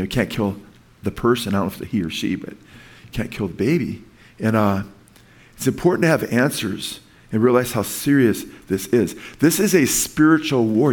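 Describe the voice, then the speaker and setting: A man's voice: fairly low pitch, a little mellow. A man preaching a sermon in an earnest, rambling way, with frequent restarts and asides to his listeners. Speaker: pastor.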